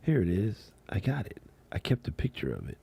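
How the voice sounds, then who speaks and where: A man's voice: fairly low pitch, huge pitch swings, a little fast, vocal fry, mellow, a little hiss or hum. A man hosting a casual livestream chat as a content creator, laid-back and slangy, laughing often.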